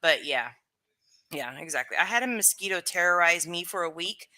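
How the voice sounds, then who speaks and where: A woman hosting a casual live stream, talking loosely with lots of "like" and "um" as she answers viewer comments. Her voice sits a little low, yet it sounds bright and forceful. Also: lively intonation, moderate pace. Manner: chatty, lots of fillers, answers comments aloud.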